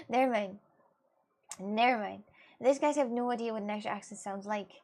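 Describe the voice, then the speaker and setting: A woman's voice: on the high side, expressive, moderate pace, darkish tone. Chatty young woman streamer. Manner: chatty, rambling with many fillers and repeats. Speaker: streamer reading chat. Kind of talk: casual live-stream chat.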